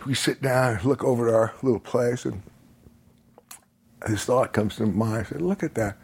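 A man, older, telling a personal story in a casual conversation, animated, often laughing and acting out what people said. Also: medium pitch, normal speed, gravelly, husky. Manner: animated, laughs while telling, acts out quotes.

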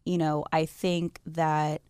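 Casting note: woman co-host, mid pitch, emphatic and chatty, dry sound. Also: little pitch movement, a little mellow, clean tone, dry recording. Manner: chatty, emphatic, quick to agree and laugh. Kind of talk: casual chat.

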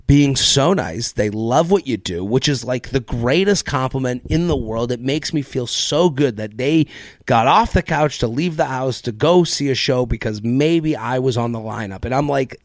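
A man hosting a solo comedy podcast, telling a story in an animated way and acting out both sides of each exchange. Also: mid-range voice, moderate pace, no room sound, studio quality. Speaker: podcast host.

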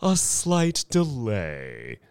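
A man voicing a smooth-talking, oily male showman in an audio story, coaxing in a soothing salesman's patter. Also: medium pitch, wildly swooping pitch, extremely slow, heavy background noise, heavily acted.

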